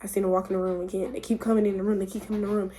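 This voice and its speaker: A young woman vlogger telling a story in a casual, rambling, excitable way, full of filler words. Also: medium pitch, racing, a little hiss or hum.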